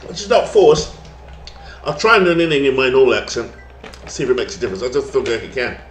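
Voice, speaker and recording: A man calling baseball play-by-play for a simulated league, rising to loud calls on big plays and chatting to viewers between pitches. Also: fast talker, a little hiss or hum. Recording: roomy echo.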